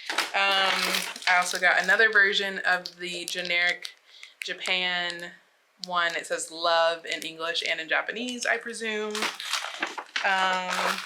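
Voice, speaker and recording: A young woman from the States chats through an unboxing in an easy, bubbly way, sprinkling filler words through every sentence. Her voice sits fairly low for a woman. A steady hum of noise runs under the recording. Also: takes it slowly. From United States. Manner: bubbly, chatty, lots of "like" fillers. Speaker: vlogger. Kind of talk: casual unboxing chat.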